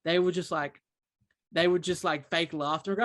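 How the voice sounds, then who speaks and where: A man's voice: on the high side, fairly even intonation, moderate pace, a bit bright, slight background noise. A man telling a long story as a podcast co-host, rambling with many restarts. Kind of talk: casual chat.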